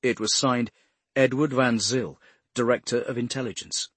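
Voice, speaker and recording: A man narrating a crime novel as an audiobook, in a steady, measured voice. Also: medium pitch, breathy edge, no room sound. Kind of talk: scripted narration.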